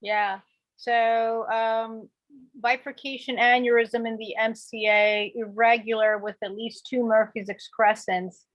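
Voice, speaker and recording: A woman's voice: mid-range voice, dry recording, lo-fi sound. Decisive woman surgeon on a call. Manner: decisive, technical, with fillers. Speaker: neurosurgeon panelist. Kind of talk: expert panel discussion.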